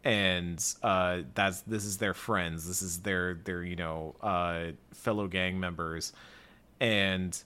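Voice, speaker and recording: A man hosting a casual conversation and retelling a game's story in a relaxed way. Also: deep voice, slow, clear, resonant tone. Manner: relaxed, recaps the story at length. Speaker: podcast host. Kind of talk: casual chat.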